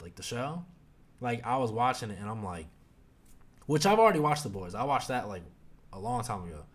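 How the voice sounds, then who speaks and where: A young man hosting a podcast, chatting casually about a show in a rambling, profane way full of fillers. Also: medium pitch. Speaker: podcast host. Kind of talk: casual review chat.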